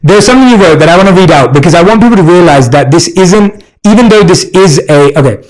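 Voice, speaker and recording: A man's voice: sits high, lively intonation, quick pace, a little mellow, poor audio. A man with a British accent hosting an interview, earnest and full of praise for his guest. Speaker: podcast host. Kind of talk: conversational interview.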